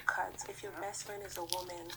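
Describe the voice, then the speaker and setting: Gravelly whispering woman. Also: lowish voice, level tone, fairly quick, heavy background noise. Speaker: woman in a played video clip. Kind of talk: whispered list of dating dealbreakers.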